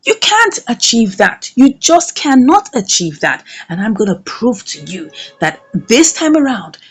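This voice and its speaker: A bold young woman who refuses to be silenced, voiced by a woman retelling a drama, defiant and indignant. Her voice sits high and bright. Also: very animated, unhurried, slightly rough, heavily acted.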